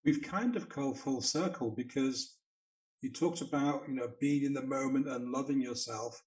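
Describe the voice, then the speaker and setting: A man hosting a podcast, calmly summing up what his guest said. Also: mid-range voice, moderate pace, low-quality recording. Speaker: podcast host. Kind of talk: conversational interview.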